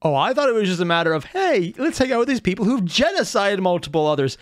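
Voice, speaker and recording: A man comments casually on a video with wry, rambling asides. His somewhat high voice swings widely. It is recorded dry and close. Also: big pitch swings, fast talker, dry recording. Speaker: reaction video host.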